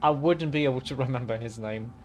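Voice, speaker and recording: A man's voice: mid-range voice, fast, soft background music. A young man casually commenting over a video game, rambling and thinking aloud with lots of fillers. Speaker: let's play commentator.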